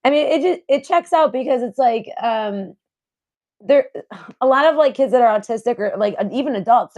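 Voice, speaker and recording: This young adult woman co-hosts a podcast, chatting casually with a medium-pitched, slightly mellow voice. Her talk rambles, full of fillers and restarts, and she laughs a lot.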